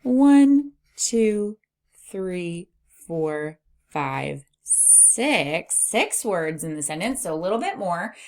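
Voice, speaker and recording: Slow, lively-voiced woman teacher. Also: on the low side. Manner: slow, exaggerated word-by-word reading aloud; humming while she scans for letters. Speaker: reading teacher. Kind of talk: online phonics lesson for young readers.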